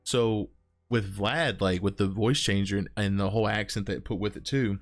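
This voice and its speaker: A man's voice: on the low side, steady tone, moderate pace. A man hosting a casual interview over an online call, talking loosely with plenty of filler words and casual swearing. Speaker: host.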